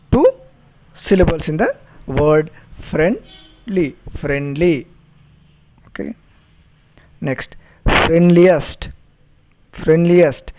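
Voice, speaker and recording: A man teaching a phonetics lesson, repeating words and spelling them out deliberately, and checking understanding with questions. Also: high voice, a little mellow, low-quality recording. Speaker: English teacher. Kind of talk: recorded phonetics lecture.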